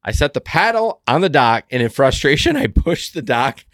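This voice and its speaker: Man, casual storytelling, lively swooping pitch, dry close sound, animated outbursts. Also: normal speed, no echo. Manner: animated, swings between loud outbursts and muttered asides. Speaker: podcast co-host.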